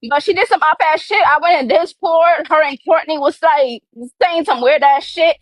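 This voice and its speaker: A young woman in her twenties rants angrily and profanely, calling in from a restaurant. Her voice is high and the sound is dry and close. She talks fast once she gets going. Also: no room sound, low-quality recording. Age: 20s. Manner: angry, profane, fast ranting. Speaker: guest caller. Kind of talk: heated casual call-in chat.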